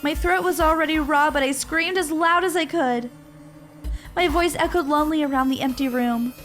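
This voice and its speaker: A man reading game narration aloud as a young woman, in a steady storybook manner. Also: very high voice, moderate pace, faint music behind.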